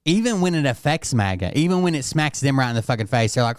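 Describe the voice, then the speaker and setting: Man, reaction commentary, smooth resonant voice, dry close sound, blunt and profane. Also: medium pitch, animated, fast, dry recording. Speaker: channel host reacting to clips.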